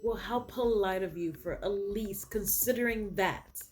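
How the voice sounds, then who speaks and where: A woman's voice: medium pitch, a little slow, darkish tone, soft background music. A woman reading a story game aloud in several voices, adding sassy asides to the characters. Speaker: game streamer.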